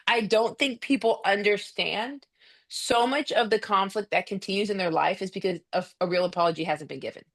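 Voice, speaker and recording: A woman, a mediator and former coach, talking in a direct, animated way as a podcast guest. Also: mid-range voice. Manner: direct, animated storytelling with acted quotes. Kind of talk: casual conversation.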